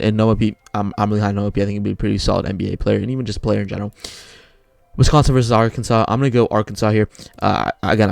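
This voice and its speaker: A man's voice: lowish voice, gravelly, darkish tone, no room sound. A young man casually talking through his bracket picks, rambling and often correcting himself. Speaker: sports video creator.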